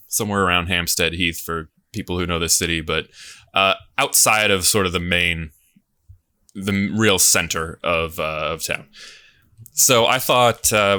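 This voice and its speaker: A man's voice: deep voice, sharp tone, clear, resonant tone, no room sound, clean studio sound. A man, a podcast game show contestant, tells embarrassing personal stories in a self-deprecating way, chuckling as he goes. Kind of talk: casual storytelling.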